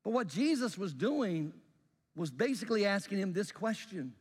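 A man preaching a sermon, telling a story conversationally with animated emphasis and building to a fervent close. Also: sits high, moderate pace, husky, in a large hall. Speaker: pastor.

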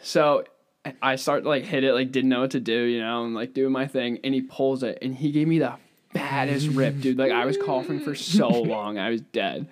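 A man's voice: medium pitch, fairly even intonation, normal speed. A young man hosting a casual chat, telling a story in a laid-back, slangy way. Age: young adult. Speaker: podcast host.

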